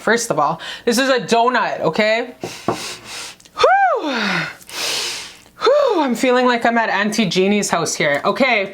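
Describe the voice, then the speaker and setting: A woman's voice: on the high side, a bit bright. A woman giving a casual tarot reading to her viewers, effusive and affectionate, with lots of profanity and emphatic repetition. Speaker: tarot card reader.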